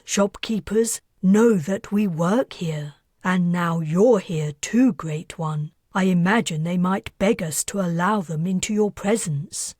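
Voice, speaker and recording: A woman's voice: medium pitch, a little mellow, breathy edge, dry recording, clean studio sound. A woman reading a polite, careful housekeeper. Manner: formal, hesitant, respectful.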